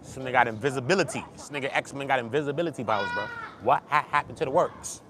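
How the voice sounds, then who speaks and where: A man hosting an online gossip commentary show, talking fast and slangy, swinging from low mutters to loud excited bursts. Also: a crowd in the background. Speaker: YouTube commentary host. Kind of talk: animated street-gossip commentary.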